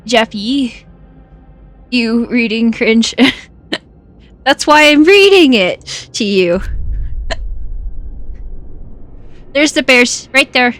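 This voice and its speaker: A woman's voice: on the high side, animated, drawn-out words, long pauses, fairly bright tone. A woman streaming a game, chatting casually with viewers, giggling often and hiccupping. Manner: giggly, laughs often between lines. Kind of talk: casual live-stream chat while gaming.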